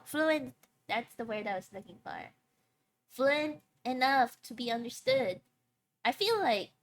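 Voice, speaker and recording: A woman's voice: on the high side, fairly bright tone. A young woman, a streamer chatting casually and rambling between giggles. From Philippines. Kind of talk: casual live-stream chat.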